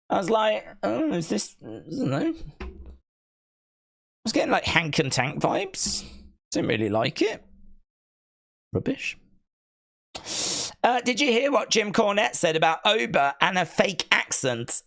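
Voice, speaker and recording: A man's voice: a little high, fairly bright tone. A man hosting a live wrestling watch-along, rambling and hesitant as he answers chat questions. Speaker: live stream host. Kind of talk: casual watch-along commentary.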